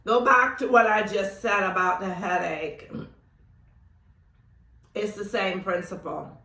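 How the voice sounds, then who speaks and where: A woman's voice: mid-range voice, sharp tone. Emphatic woman teaching in a roomy space. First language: Thai. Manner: emphatic, slow and deliberate on key words, laughs often. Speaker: spiritual teacher. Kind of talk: spiritual teaching talk. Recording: roomy echo.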